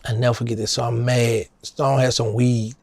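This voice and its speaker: A middle-aged man with a New Orleans accent tells his story in a gravelly, husky voice. He animates the dialogue, jumping up in pitch to act out what people said. The sound is close and dry. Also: normal speed, no echo. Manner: animated storyteller, acting out quotes in a higher voice. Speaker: interview guest. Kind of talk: casual storytelling.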